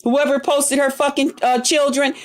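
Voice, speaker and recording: A woman in a heated livestream rant, voice pitched a little high. She curses constantly and talks straight at her audience in a confrontational way. She stretches out certain words to make a point. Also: little pitch movement, moderate pace. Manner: angry, profane, confrontational. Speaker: streamer addressing her viewers.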